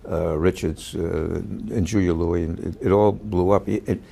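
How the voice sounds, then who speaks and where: Recalling a role he once played, an older male actor stumbles through the story with fillers and restarts, now and then bellowing the quoted lines. He has a low, steady, gravelly voice.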